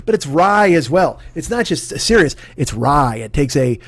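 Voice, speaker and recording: A man's voice: on the high side, big pitch swings, normal speed, no echo. A man hosting a comedy podcast, rambling profanely through a jokey sponsor plug and drifting into silly tangents. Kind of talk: rambling comic sponsor read.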